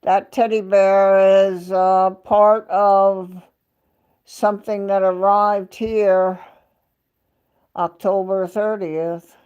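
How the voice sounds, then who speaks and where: An older woman talks very slowly to her viewers from home. She rambles along, sprinkling in simple Spanish and French phrases. Her pitch sits in an ordinary middle range. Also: level tone, a little mellow, smooth, lo-fi sound. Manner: slow and rambling, mixing in bits of Spanish and French. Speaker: livestream host. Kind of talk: casual live chat with viewers.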